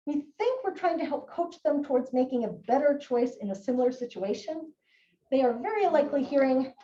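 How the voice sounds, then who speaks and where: Lively high-voiced woman presenter, echoey. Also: fairly quick. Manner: lively, acts out quoted kids and adults. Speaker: presenter on child behavior. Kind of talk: recorded live training presentation. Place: presentation room. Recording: echoey room, distant mic, dull sound.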